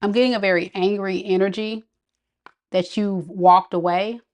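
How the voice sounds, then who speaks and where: A woman's voice: mid-range voice, fairly even intonation, normal speed, darkish tone. A woman giving a live tarot reading, talking casually and reacting to viewer comments. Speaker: tarot reader.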